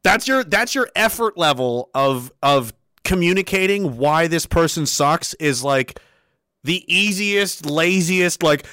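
A man's voice: fairly high pitch, expressive, slow pace, bright, forceful tone, no room sound, studio quality. A man in his thirties talking in a loose, profane, rambling monologue, laughing often and restarting his sentences as a host. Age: 30s.

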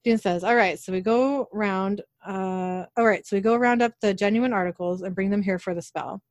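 A woman's voice: mid-range voice, normal speed, dry recording. A woman recapping a TV episode in casual talk, reading out the characters' lines in her own voice. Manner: animated retelling, quoting characters in her own voice. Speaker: podcast host recapping an episode.

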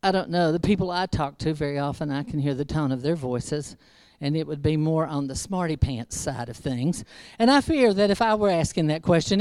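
A woman's voice: fairly low pitch, a little mellow, no echo. A woman preacher giving a conversational sermon, chatty and humorous, with wry asides to the congregation.

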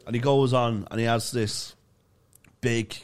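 A man's voice: medium pitch, fairly even intonation, measured pace. A male stand-up comedian, swearing freely as he tells a story in casual podcast chat.

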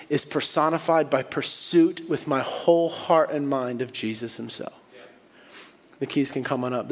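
Male pastor, high voice, animated sermon delivery, echoing sanctuary. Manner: animated, swings from hushed to loud and high when acting out people. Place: church sanctuary. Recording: long hall reverb.

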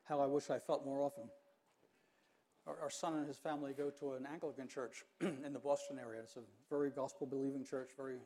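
Older male pastor, mellow earnest sermon. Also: medium pitch. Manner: earnest, measured preaching with emphatic pauses.

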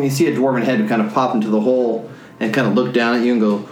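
A man narrating as game master, describing the scene in an animated way. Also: mid-range voice, fast, roomy sound, soft background music.

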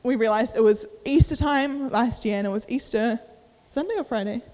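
In a large hall, a young adult woman preacher with a fairly high, darkish voice gives a sermon at normal speed. She shares a personal story casually and with feeling, using plenty of fillers.

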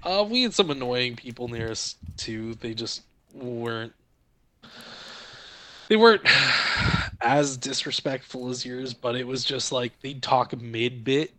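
A man co-hosting a casual podcast, talking in a relaxed, rambling way. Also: medium pitch, takes it slowly, low-quality recording. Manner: relaxed, rambling, many fillers. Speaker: podcast co-host. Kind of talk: casual chat.

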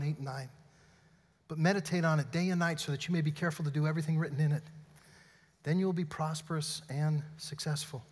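Energetic pastor in a reverberant hall. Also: male voice, fairly high pitch. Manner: energetic, playful, demonstrating on stage. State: out of breath. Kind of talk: sermon. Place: church hall.

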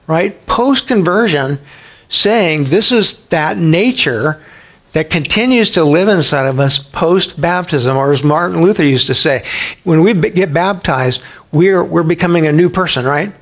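Lively, fairly high-voiced male preacher. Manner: animated, conversational preaching with acted-out quotes. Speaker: pastor. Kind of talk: sermon.

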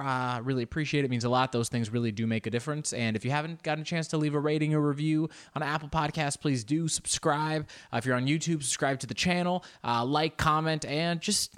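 A man's voice: fairly quick, smooth. A man hosting his solo podcast in a casual, rambling way. He is self-deprecating and uses many fillers and restarts. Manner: pitch jumps up and down a lot. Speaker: podcast host.

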